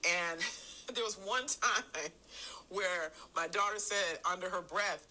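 A middle-aged woman giving an earnest sermon, stressing her phrases and stretching some words out slowly. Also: lowish voice, sharp tone, rough recording. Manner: earnest, emphatic, drawn-out phrases. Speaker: church speaker.

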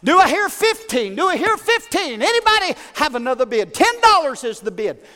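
A man voicing an insistent male auctioneer calling for bids, with brisk, coaxing patter. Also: very high voice, sing-song, sharp tone, voice pushed up, full character voice. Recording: long hall reverb.

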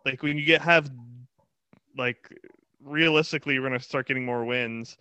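A man's voice: mid-range voice, normal speed, sharp tone. A man, blunt and jokey in casual sports chat. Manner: laid-back, blunt, jokey. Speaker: podcast co-host. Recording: slightly dull lo-fi sound.

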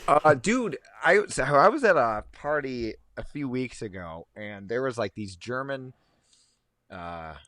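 A man in casual podcast chat, telling profane anecdotes in a lively way and laughing in bursts. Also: mid-range voice, unhurried, dry recording.

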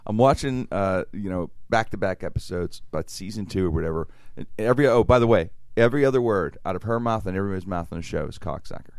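A man hosting a casual podcast. He rambles along with constant restarts and fillers, his pitch bouncing lively up and down. His voice is recorded close and dry. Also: quick pace, few pauses, no room sound. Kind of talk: casual chat.

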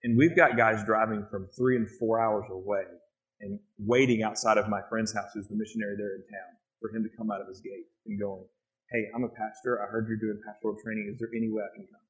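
A man working as a missionary, telling earnest, animated stories to an interviewer. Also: on the low side, quick pace, dull audio. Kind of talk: speaking to an interviewer.

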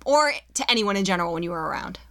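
A woman's voice: mid-range voice, animated, rapid-fire. A woman hosting a podcast interview, reading listener questions and laughing along enthusiastically. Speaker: podcast host.

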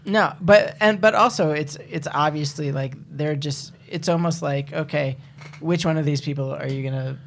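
A man's voice: a little high, moderate pace, gravelly. Wry man telling a travel anecdote. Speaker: podcast guest. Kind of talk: casual chat.

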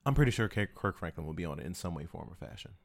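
A man's voice: low-pitched, lively intonation, rapid-fire, gravelly, no echo, studio quality. A man co-hosting a podcast in casual chat, laid-back, joking and profane. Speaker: podcast co-host.

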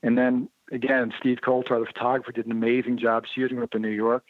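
A man being interviewed about his motorcycle writing, telling lively anecdotes in a casual way and acting out the dialogue he quotes. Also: mid-range voice, fast talker, dry recording. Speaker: interview guest, motorcycle writer and blogger. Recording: tinny phone-like line, dry.

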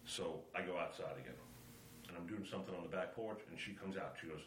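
A middle-aged man on a podcast, telling a family story in a lively, animated way and acting out the quotes. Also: low-pitched, quick pace. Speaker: podcast co-host. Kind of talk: casual chat, storytelling. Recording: echoey room with faint ambient noise.

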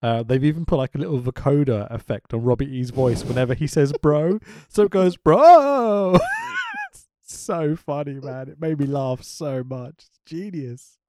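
A man's voice: mid-range voice, normal speed, few pauses, dark tone, no echo. A man co-hosting a casual wrestling recap podcast, laughing often and swearing freely. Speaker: podcast co-host.

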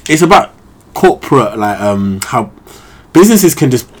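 A man's voice: mid-range voice, big pitch swings, normal speed. Laid-back man on a podcast. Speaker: podcast co-host. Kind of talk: casual chat.

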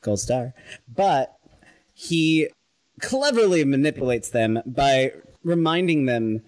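Man co-host, mid pitch, earnest explainer, stumbles and restarts. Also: lively intonation, takes it slowly. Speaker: podcast co-host. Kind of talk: casual chat.

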